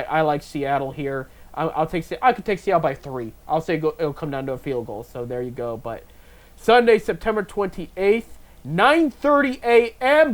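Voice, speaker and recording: A man in his thirties hosts a relaxed sports talk segment, reading out game times and picks. His voice sits a little high for a man, and he stumbles, restarts and drops "there you go" as a filler. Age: 30s. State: talking with a stuffed face. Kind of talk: casual sports picks chat.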